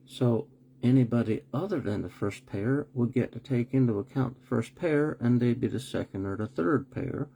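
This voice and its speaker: A man's voice: medium pitch, normal speed, vocal fry, mellow, a little hiss or hum. A man hosting a live online broadcast, talking bluntly with rhetorical questions, sarcastic asides and the odd swear word. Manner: swears when annoyed. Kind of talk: live-streamed commentary.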